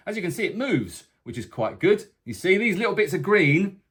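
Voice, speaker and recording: A man with a slightly raised pitch talks through a weekly weather forecast in a loose, conversational way. He pitches boat tours as he goes and keeps dropping in jokey asides. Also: sing-song, moderate pace, breathy edge. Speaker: boat tour company presenter. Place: indoors, away from the tour base.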